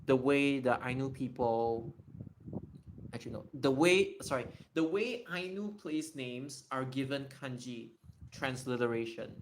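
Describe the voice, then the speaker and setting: A livestreamer in a casual Q&A, excitable and thinking out loud while typing. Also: mid-range voice, measured pace, a little hiss or hum.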